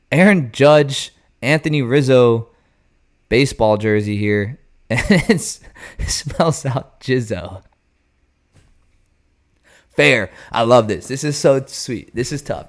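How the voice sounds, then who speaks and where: A man hosting a baseball show, talking casually in an animated, jokey, rambling way. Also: medium pitch.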